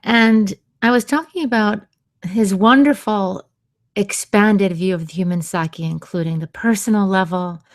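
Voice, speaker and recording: A woman hosting a radio show on sound healing, talking gently and unhurriedly, with soft laughs and quiet asides. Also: mid-range voice, unhurried, no echo, clean studio sound. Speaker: radio show host and vocal sound healer. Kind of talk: slow, soothing radio talk.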